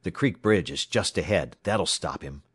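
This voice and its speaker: Gruff storybook railroad oiler, hot-tempered, sharp orders, played by a deep-voiced male reader. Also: animated, moderate pace, no echo, studio quality. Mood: steady. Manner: sharp, commanding.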